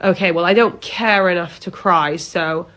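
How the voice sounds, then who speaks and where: A woman playing a blunt, unbothered young British pub worker who talks in a flat, matter-of-fact way. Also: on the low side, moderate pace, close to an everyday voice. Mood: deadpan. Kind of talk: comedy sketch acting.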